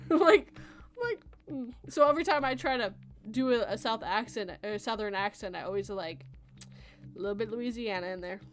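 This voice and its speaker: A woman from Canada hosting a casual podcast chat, talking in an animated, chatty way and laughing often. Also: on the high side, normal speed. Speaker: podcast host.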